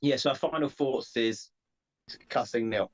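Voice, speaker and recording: A man's voice: mid-range voice, a little slow. Man with a dull lo-fi sound, arguing playfully. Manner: argumentative, playful, laughs often. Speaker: podcast co-host. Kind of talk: casual chat.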